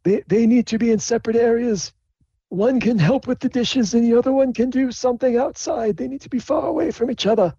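A man voicing a stern, pompous older university dean in a tabletop game, scolding in a high put-on voice. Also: brisk, creaky, dark tone, husky, no echo, muffled recording, exaggerated voice. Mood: commanding. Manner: indignant, commanding.

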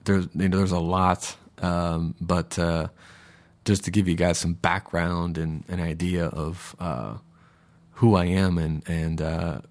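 A man's voice: sits low, fairly even intonation, slow. A man in his thirties hosting a casual podcast monologue, rambling and digressing with lots of fillers. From Florida, USA. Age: 30s. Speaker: podcast host.

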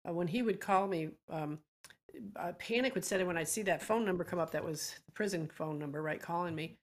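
Earnest, low-voiced middle-aged woman advocate. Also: a little fast. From Georgia, US. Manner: earnest, impassioned storytelling. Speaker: advocacy group founder, guest. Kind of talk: emotional interview talk.

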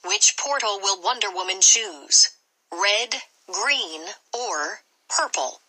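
A woman narrating an interactive storybook adventure in an expressive way, pausing dramatically before each choice. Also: medium pitch, poor audio.

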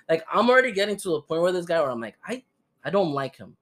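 A man's voice: fairly high pitch, very animated, fast, a bit bright. A young man hosting a casual podcast, telling stories animatedly and mimicking the people he quotes. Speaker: podcast host. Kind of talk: casual chat, storytelling.

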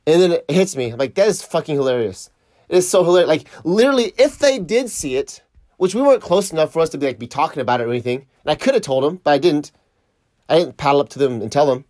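A man's voice: a little high, very animated, quick pace, a little mellow, dry recording, studio quality. A man telling a story casually, swearing and laughing as he reflects on a mishap while surfing. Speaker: surf vlogger.

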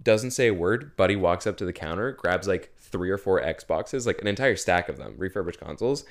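A man's voice: low voice, lively intonation, brisk. A man co-hosting a casual podcast, retelling a story with swearing and acted-out quotes. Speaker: podcast co-host.

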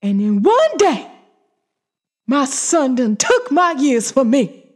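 A woman's voice: high-pitched, big pitch swings, slow pace, voice pushed up, heavily acted. A woman doing a weary grieving mother. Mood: aggrieved.

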